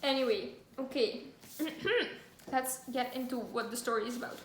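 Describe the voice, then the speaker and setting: In a slightly high voice with fairly even intonation and a moderate pace, a young woman vlogs about the books she picked up. Giggly and gushing with lots of fillers, she reads the back-cover blurbs out loud. The echoey room carries faint ambience and slight background noise.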